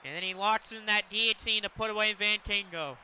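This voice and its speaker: A man casually commentating a wrestling video game, excitable and chatty, laughing often. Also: high-pitched, fairly quick, a little hiss or hum. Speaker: gaming commentator. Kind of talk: casual let's-play commentary.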